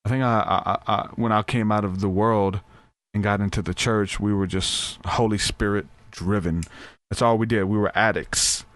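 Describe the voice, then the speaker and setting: A man with a fairly low voice tells an informal story as a podcast host, often stopping to act out what people said. He restarts sentences often as he goes. The sound is dry and close, with little room echo. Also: moderate pace. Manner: animated, acts out quoted voices, frequent restarts.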